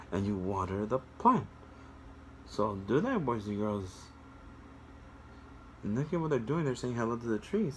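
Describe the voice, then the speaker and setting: A young man reading a picture book aloud to children, breaking off to talk to them directly in a sing-song, animated way. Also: medium pitch, slight background noise. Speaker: children's story reader.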